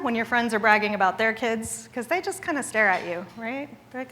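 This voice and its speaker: Bright high-voiced woman giving a speech. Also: animated, fairly quick, few pauses. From Idaho, USA. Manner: earnest and candid, with wry self-deprecating humor. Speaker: guest speaker at a charity gala. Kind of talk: public speech. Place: large event hall. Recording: long hall reverb.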